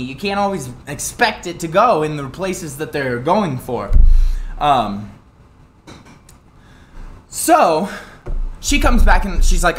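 A man streaming live, telling an angry story in a profane, animated rant with sudden loud outbursts and self-mocking asides. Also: fairly high pitch, slight background noise.

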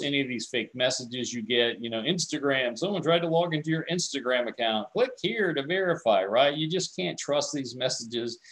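A man's voice: mid-range voice, low-quality recording. A man presenting on cybersecurity in a conversational, loose way, often restarting his words as he tells stories. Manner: conversational, repeats and restarts words, animated storytelling. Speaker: security presenter. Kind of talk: informal tech webinar lecture.

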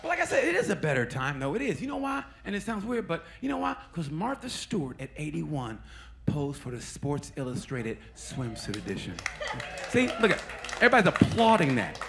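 A man doing a stand-up comedy set in a club, talking profanely and teasing the crowd, with quick put-on voices for the people he quotes. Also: a little high, huge pitch swings, gravelly, fairly bright tone. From Oklahoma, USA.

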